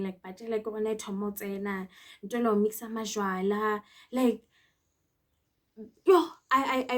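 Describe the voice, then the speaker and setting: Young South African woman vlogger, lively storytime delivery, switches languages freely. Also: fairly high pitch. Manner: animated, code-switching storytelling. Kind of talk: storytime vlog.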